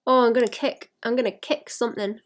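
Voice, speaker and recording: A woman's voice: a little high, fairly even intonation, fast talker, a little hiss or hum. A woman artist talking to her stream chat while painting, sweary and self-mocking, often muttering and whispering to herself. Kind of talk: live-stream chat with viewers.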